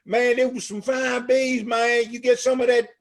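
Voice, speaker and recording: A man putting on the voice of a loud, brash young street guy hollering slang across a parking lot. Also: very high-pitched, little pitch movement, moderate pace, voice pushed up. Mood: rowdy.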